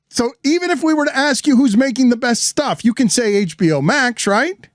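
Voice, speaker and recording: A middle-aged man hosting a talk show, excitable and teasing, laughing easily. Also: extremely high pitch, moderate pace, no room sound, clean studio sound. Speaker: host. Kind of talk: casual chat.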